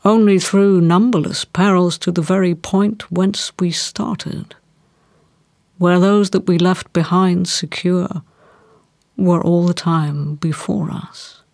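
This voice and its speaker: A woman reading a classic novel aloud in a measured, deliberate way. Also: lowish voice, fairly even intonation, a little mellow, no room sound, studio quality. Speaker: audiobook reader. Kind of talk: literary reading.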